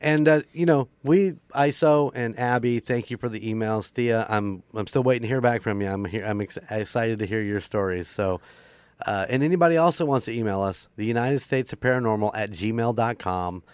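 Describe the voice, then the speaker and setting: A man's voice: mid-range voice, fairly quick, a little mellow, clean tone, no echo. A man hosting a paranormal podcast, wrapping up in a rambling, upbeat way with frequent laughs. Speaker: podcast host. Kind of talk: casual podcast outro chat.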